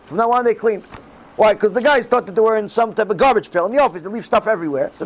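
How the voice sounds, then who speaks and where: A middle-aged man giving a religious class in sermon style, animated and acting out the voices he quotes. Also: high voice, fast, low-quality recording. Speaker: rabbi giving a Torah class.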